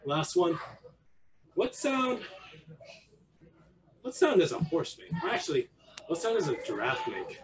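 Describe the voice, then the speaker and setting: A man teaches young children martial arts over a video call. His voice sits high and swings up and down with lively energy. He coaxes and praises the kids, hamming it up with silly animal noises. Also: a little slow, pauses often. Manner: playful, encouraging, makes silly animal noises. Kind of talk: energetic online kids' class.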